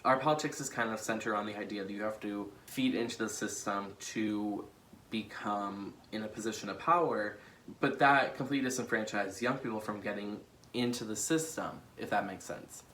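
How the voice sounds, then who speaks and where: Speaking at a moderate pace in a lowish, sharp-toned voice, a young American vlogger and political candidate gets emotional in a casual video. He laughs, struggles against tears, and leans on many fillers, with a bit of background noise present.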